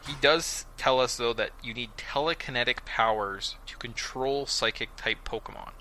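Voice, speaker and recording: A man hosting a casual podcast, recapping episodes with sarcastic, animated storytelling and mocking quoted voices. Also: medium pitch, normal speed, slight background noise, rough recording. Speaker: podcast host.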